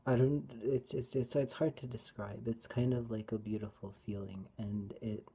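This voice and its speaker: A tearful woman sharing a personal Bible reflection in a halting, hesitant way, often dropping to a whisper. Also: very deep voice, fairly even intonation, slightly rough. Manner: halting, hesitant, with many restarts; soft-spoken, often drops to a whisper. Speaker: vlogger.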